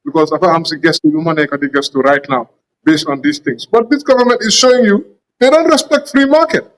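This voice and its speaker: Gambian man, fairly high voice. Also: fairly quick, rough recording. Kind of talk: talk show discussion.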